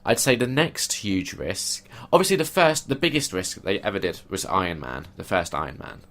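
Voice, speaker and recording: Laid-back man, low voice. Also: animated, normal speed, a bit bright. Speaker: podcast co-host. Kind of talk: casual film discussion.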